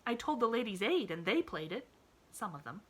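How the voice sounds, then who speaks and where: A woman voicing a cheerful, eager little girl who chatters in a high, breathless, bubbly voice. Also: big pitch swings, moderate pace, slightly rough.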